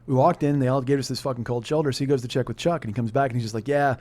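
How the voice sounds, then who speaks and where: Podcast host, male, rapid-fire profane storyteller who works himself up into a rant. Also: mid-range voice, mellow. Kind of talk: comedic storytelling monologue.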